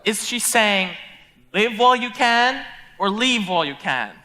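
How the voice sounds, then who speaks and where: A young man acts a lonely, confiding theatre lover in a school musical. His high, bright voice rambles wistfully about love and marriage. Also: moderate pace, slight background noise. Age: young adult. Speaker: stage actor. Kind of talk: live stage musical acting. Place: school stage.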